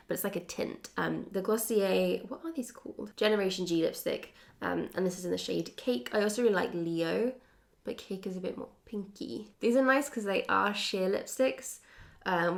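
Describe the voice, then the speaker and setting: A woman's voice: medium pitch, gravelly. A woman beauty vlogger, congested and nasal from a cold, chatting casually and rambling as she does her makeup. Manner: chatty, rambling, laughs often. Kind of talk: casual get-ready-with-me chat.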